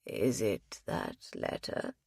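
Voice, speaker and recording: A woman voicing a frail elderly invalid husband who speaks weakly, slowly and breathily. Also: extremely low pitch, wildly swooping pitch, darkish tone, dry recording, clean studio sound, pitched below the performer's own voice, heavily acted. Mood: frail, fond. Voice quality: weak and breathy, slow.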